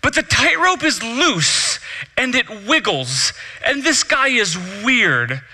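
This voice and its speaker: A pastor delivers his sermon as a lively, humorous story, slipping into the voices of the people in it. His voice is high for a man and strikingly bright and forceful. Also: slow. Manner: humorous storytelling with acted-out dialogue.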